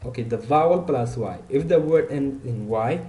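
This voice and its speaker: A man's voice: mid-range voice, lively intonation, normal speed, mellow, echoey room. A man teaching an online English grammar lesson, repeating example words and saying "okay" often.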